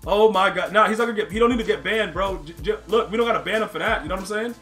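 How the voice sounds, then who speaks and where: A young man with a high, sharp, bright voice calls his own football game live for his chat. His delivery is loose, slangy and excitable, and he often bursts into yelling at his opponent. Faint music runs underneath. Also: very fast. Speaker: video game streamer. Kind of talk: live gameplay commentary to chat.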